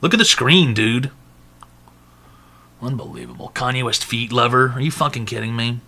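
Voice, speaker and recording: A man with a very bright, forceful voice hosts a casual online advice stream. His pitch sits in a middling range, and he talks bluntly with crude jokes. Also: big pitch swings, normal speed, creaky. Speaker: advice show host. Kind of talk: casual livestream chat.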